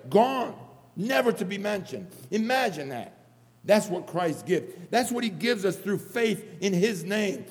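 A man's voice: high voice, darkish tone. A man preaching an earnest sermon, repeating phrases for emphasis. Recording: long hall reverb.

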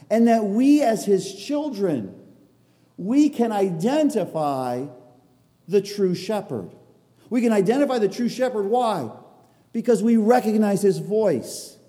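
In a large hall with long reverb, a man with a high, mellow voice delivers an expository sermon. He is earnest and emphatic, repeating his points to drive them home.

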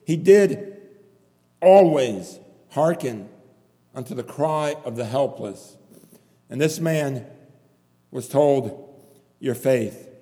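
A man with a dark, mid-range voice preaches a sermon in a church hall, pleading and impassioned, repeating phrases for emphasis. The recording carries long hall reverb.

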